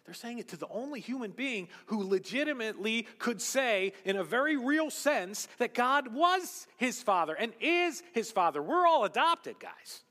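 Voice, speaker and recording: High, lively preacher man in a reverberant hall. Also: measured pace, hardly any pauses. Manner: animated, swings from loud emphasis to hushed asides. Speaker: pastor. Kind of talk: sermon.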